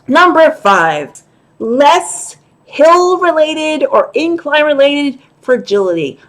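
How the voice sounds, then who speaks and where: A woman with a high, bright-sounding voice chats straight to camera as host of her own show. She is frank and a bit profane, and she breaks off for laughing asides as she goes. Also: expressive, moderate pace. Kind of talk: casual talk to camera.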